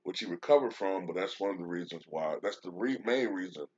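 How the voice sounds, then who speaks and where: Man, very low voice, hesitant with fillers and restarts, casual commentary, dull muffled recording. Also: expressive, brisk, a little mellow. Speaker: show host. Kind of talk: casual commentary, reading a news article aloud. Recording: dull lo-fi sound.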